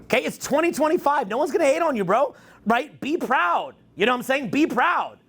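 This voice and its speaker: A man in his forties giving a crude, joking talk on stage to a live audience, rambling fast and breaking into mock voices and shouts. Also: extremely high pitch, big pitch swings. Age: 40s. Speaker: dating coach speaking to a live audience. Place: event hall with an audience.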